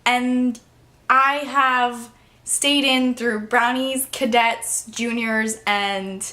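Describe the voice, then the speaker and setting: A teenage girl chats straight to her camera in a relaxed vlog, her voice sitting a little high. She is bubbly and talkative, scattering filler words as she goes. At moments she sounds emotional and near tears. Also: very slow. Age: teens. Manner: bubbly, chatty, full of "like" fillers. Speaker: vlogger. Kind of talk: casual vlog chat.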